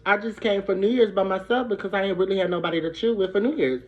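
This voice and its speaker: A young woman from Brooklyn, telling a profane, animated storytime. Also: mid-range voice, quick pace. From Brooklyn, New York. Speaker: vlogger. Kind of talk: storytime vlog. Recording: dull lo-fi recording.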